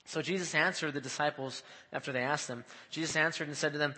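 Bright-voiced preacher in an echoing hall. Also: male voice, on the high side, fast talker, hardly any pauses. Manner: animated, conversational, often asks "right?". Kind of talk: sermon. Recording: long hall reverb.

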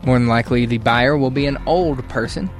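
A man hosting a morning radio show, bantering playfully and breaking into goofy high-pitched shouts. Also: fairly quick, soft background music.

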